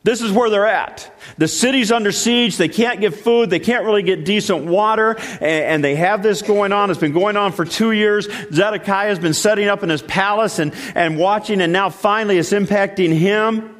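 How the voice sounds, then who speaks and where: Man preaching in a reverberant hall. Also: fairly bright tone. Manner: emphatic preaching with many repeated starts, dropping low and slow for weight. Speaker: pastor. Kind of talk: sermon. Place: church sanctuary. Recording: long reverb of a large hall.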